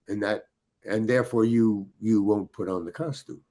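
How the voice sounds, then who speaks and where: An older man, a podcast guest, telling a long anecdote in a halting way, restarting his sentences and acting out the dialogue. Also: lowish voice, warm tone. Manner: halting, many restarts, acts out quoted dialogue. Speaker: guest storyteller.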